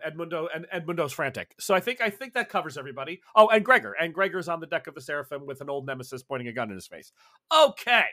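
A man's voice: fairly high pitch, bright, forceful tone, no room sound. Chatty male game master, dry sound. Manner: casual, rambling, with many fillers and restarts. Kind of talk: narrating a tabletop role-playing game.

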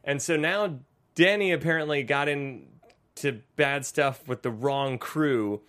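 A man's voice: mid-range voice, slow, a bit bright. A man co-hosting a casual movie-review podcast, recapping scenes with jokes and swearing. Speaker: podcast co-host.

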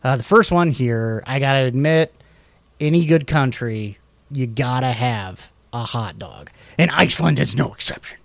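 A man co-hosting a casual chat, reading facts off slides in a relaxed, rambling way with many fillers and restarts. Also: medium pitch, moderate pace, creaky, no echo. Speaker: podcast co-host.

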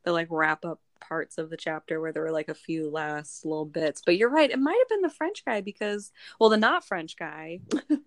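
A woman co-hosting a book podcast, recapping a novel in a rambling, animated way full of filler words. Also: low voice, normal speed, no echo, studio quality. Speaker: book club podcast co-host. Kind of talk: casual chat recapping a novel.

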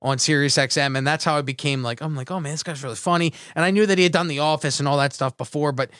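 A man's voice: fairly high pitch, steady tone, fast, fairly bright tone, smooth, no echo, studio quality. A man hosting a podcast, telling stories in a laid-back, casual way and swearing freely. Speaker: podcast host.

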